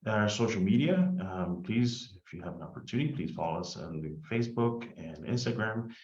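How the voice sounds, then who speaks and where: A man, an immigration lawyer, giving a polite, measured webinar presentation as he walks through slides. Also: fairly low pitch, expressive, darkish tone. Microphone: video call. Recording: echoey dull video-call audio.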